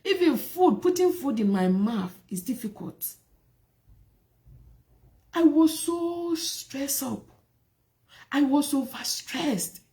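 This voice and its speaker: A woman tells her own life story as a testimony. Her voice sits fairly high but sounds mellow and soft. She talks with feeling, repeats her lines and asks many rhetorical questions. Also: animated, slow, long pauses. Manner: emotional, repetitive, rhetorical questions. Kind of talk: personal testimony talk.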